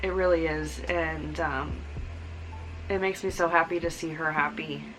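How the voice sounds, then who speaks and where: A woman's voice: deep voice, steady tone, a little slow, over music, rough recording. A young woman, a new mother, talking earnestly in a casual vlog, rambling with fillers and near tears. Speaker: vlogger, new mom. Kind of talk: casual heartfelt vlog talk.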